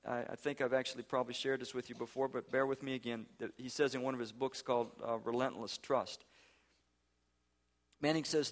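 A male senior pastor preaching a sermon in an earnest, emphatic way, reading quotations slowly and deliberately. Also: mid-range voice, fairly even intonation.

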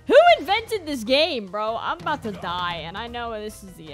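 A woman's voice: sits high, sing-song, moderate pace, few pauses, over music. A woman giving exasperated, exclaiming let's-play commentary, often calling out "bro". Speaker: gamer.

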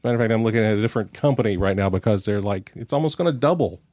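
A man's voice: lowish voice, lively intonation, rapid-fire, a little mellow, no room sound, clean studio sound. A man hosting a podcast, chatting casually as he reads out quiz questions and riffs on the answers. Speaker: podcast host. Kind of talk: casual interview chat.

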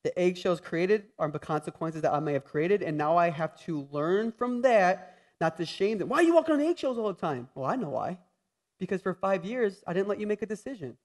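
A man in his thirties with a high-pitched voice delivers a sermon as pastor. He builds to loud, emphatic lines and then drops to soft, confessional tones. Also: expressive, normal speed.

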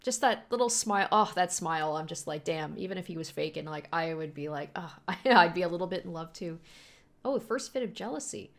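A woman's voice: sits low, a little fast, few pauses. A young woman hosting an anime reaction video, talking casually and gushing often as she reacts. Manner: animated, gushing, laughs often.

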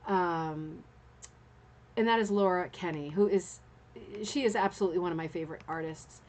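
A woman's voice: fairly low pitch, normal speed. A woman hosting a casual live stream, musing aloud about artworks and answering viewer comments as she thinks. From Canada. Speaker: host of a rug hooking club show.

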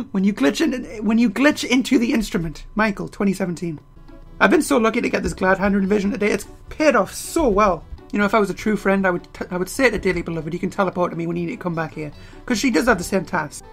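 An excitable woman talks through her gameplay as a let's player. Her voice sits at an ordinary pitch for a woman and she breaks into sudden exclamations, with faint game music underneath. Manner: excitable, frequent startled exclamations. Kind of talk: gameplay commentary.

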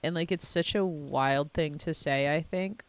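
A woman's voice: low voice, measured pace, smooth. Rambling young woman streamer from the South. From Southern United States. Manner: rambling, self-mocking, with many fillers. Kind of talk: casual chat while gaming.

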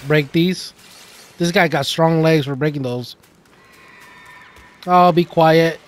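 A man hosting a gaming channel, giving casual, excitable gameplay commentary full of swearing and laughter. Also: fairly high pitch, takes it slowly, a little hiss or hum.

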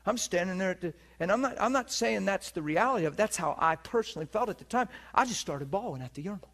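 A male preacher teaching on divine healing tells vivid stories to a listening audience in a fast, gravelly voice that sits a little high for a man. Animated throughout, he acts out the characters and scenes and laughs at his own tale.

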